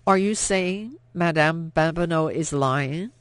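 A man voicing a rough smuggler who talks low, slow and threatening. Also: fairly bright tone, no room sound. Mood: menacing.

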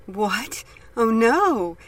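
A woman's voice: medium pitch, lively intonation, pushed and bright. A woman reading an alarmed young mother. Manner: alarmed, hurried.

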